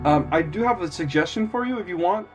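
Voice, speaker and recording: A man voicing a remorseful woman hero who mentors a group of kids. She speaks haltingly and apologetically, in a soft-spoken way. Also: sits high, expressive, soft background music, pitched above the performer's own voice. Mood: gentle.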